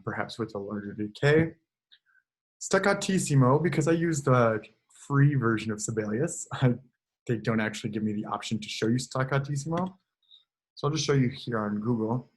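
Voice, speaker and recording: During an online choral lesson, a choir director with a medium-pitched voice keeps things relaxed and explanatory. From time to time he sings a short example into his computer mic.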